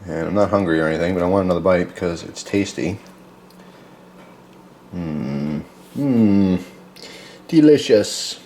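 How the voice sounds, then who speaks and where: A man hosting a casual home cooking video, talking loosely with many fillers and pausing to taste. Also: low voice, level tone, a little mellow, a little hiss or hum. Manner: rambling, loose, tasting food mid-talk with filler words.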